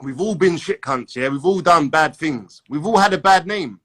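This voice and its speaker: A man hosts the chat in a laid-back, placating way, leaning on slang fillers as he talks. His voice sits slightly high for a man. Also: expressive, moderate pace, fairly bright tone. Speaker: interviewer. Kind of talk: casual chat.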